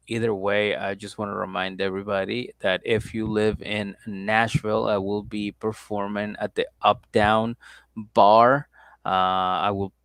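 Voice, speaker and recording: A man's voice: lowish voice, a bit bright, no echo. A man in his thirties co-hosting a podcast in casual chat, laughing often and swearing casually. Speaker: podcast co-host.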